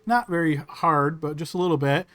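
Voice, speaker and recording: A man's voice: a little high, normal speed, a bit bright, dry recording. A man running a tabletop game as game master, narrating the scene descriptively with small hesitations.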